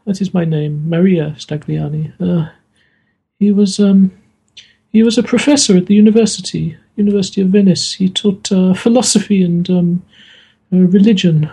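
A man voicing a grieving, timid young Italian woman in a tabletop game, sighing and halting as he talks. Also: sits high, steady tone, gravelly, dark tone, breathy edge, voice pushed up, full character voice, low-quality recording. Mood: mournful.

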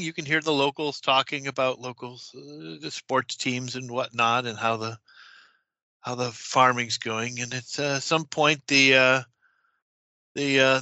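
A man narrating as game master of a tabletop horror game, talking haltingly with many restarts. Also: medium pitch, pushed and bright, dry recording, highs cut off.

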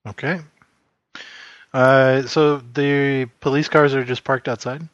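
A man's voice: mid-range voice, fairly even intonation, slow, fairly bright tone, no room sound, dull audio. A man playing a character in a tabletop game, formal and genteel when in role. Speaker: player.

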